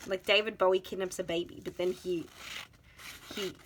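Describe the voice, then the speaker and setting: A woman's voice: on the low side, fairly even intonation, normal speed, noisy background. A young woman chatting casually to camera, rambling and incredulous, with laughing asides. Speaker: vlogger.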